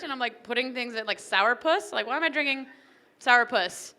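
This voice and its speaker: A young woman doing an animated, chatty stand-up comedy set at a wedding reception, acting out little characters. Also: on the high side, brisk.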